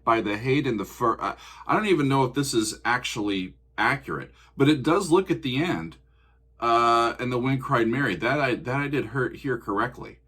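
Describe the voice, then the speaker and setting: A man's voice: mid-range voice, animated, normal speed, a bit bright, slightly rough. A man, hosting a casual music reaction video, chatty and joking, often laughing.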